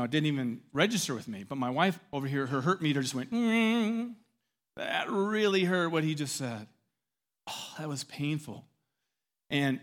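A middle-aged man preaching a sermon with animated delivery, acting out quotes and swelling loud at key points. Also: a little high. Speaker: pastor.

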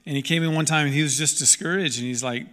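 A man's voice: fairly high pitch, fast, sharp tone, in a large hall. A man preaching a sermon as a pastor, earnest and emphatic, repeating key lines and restarting sentences as he goes.

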